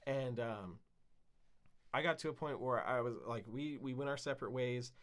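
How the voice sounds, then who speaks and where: A man's voice: medium pitch, normal speed, a bit bright. A man co-hosting a podcast, casually telling a long story with lots of fillers and swearing. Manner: rambling, frequent fillers and swearing. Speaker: podcast co-host.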